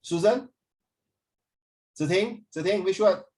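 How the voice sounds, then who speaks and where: An animated man teaching a class in a Singaporean English accent, his voice sitting a little high for a man. He coaxes and praises his students, switching freely between English and Mandarin. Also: slow. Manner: animated, mixes English and Mandarin, coaxing and emotional.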